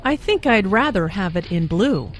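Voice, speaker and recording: A woman's voice: mid-range voice, big pitch swings, normal speed, natural voice. A woman voicing a friendly customer in a scripted learning dialogue. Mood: pleased. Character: female shopper buying a sweater.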